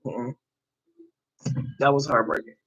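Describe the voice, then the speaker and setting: With a deep, rumbling voice and a slow delivery, this fifties-aged woman runs a casual livestream, chatting with her audience and replying to their comments along the way. The sound quality is lo-fi.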